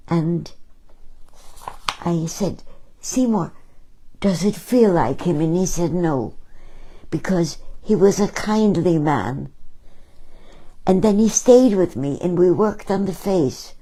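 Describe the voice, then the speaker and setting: A woman's voice: lowish voice, warm tone, low-quality recording. A woman painter talking casually about her paintings, telling stories with emphasis. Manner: slow, storytelling, emphatic.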